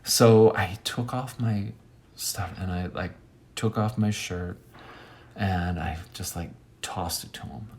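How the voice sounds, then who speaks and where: A man telling a comic story as a monologue host, rambling and interrupting himself, with lively jumps in pitch. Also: takes it slowly, vocal fry.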